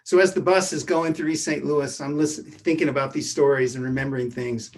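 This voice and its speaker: A man telling a true personal story from his youth, in a measured way that often drops to a hushed voice. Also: fairly high pitch, steady tone. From Edwardsville, Illinois.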